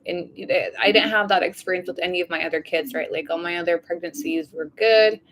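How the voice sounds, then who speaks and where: A woman's voice: fairly low pitch, brisk, a bit bright, slight background noise. Tired, chatty woman vlogger. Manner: rambling, chatty, lots of "like" fillers; openly emotional, confiding. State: tired, low energy. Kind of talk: casual diary vlog.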